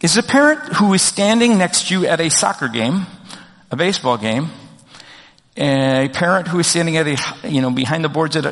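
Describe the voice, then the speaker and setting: A man's voice: a little high, creaky, fairly bright tone. A man pastor giving a conversational sermon, asking the congregation questions as he goes. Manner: conversational preaching with rhetorical questions. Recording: long reverb of a large hall.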